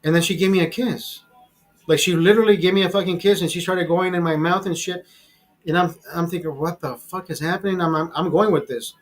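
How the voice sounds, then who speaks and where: A man hosting his own vlog, telling a story in a casual, profane and animated way, often repeating words when excited. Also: high voice, a little fast. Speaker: vlog host.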